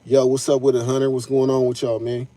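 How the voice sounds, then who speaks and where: A man hosts a casual live stream. His voice is mellow and dark, and he speaks at an everyday pitch. He talks loosely in slang and keeps calling out to his chat. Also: monotone, fast talker. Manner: loose slangy talk, addresses chat directly.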